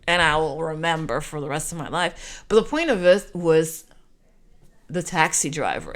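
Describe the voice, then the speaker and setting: A Canadian woman in her forties telling a personal travel story to camera in an emotional, repetitive, heartfelt way. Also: low voice. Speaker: vlogger. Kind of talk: storytime monologue.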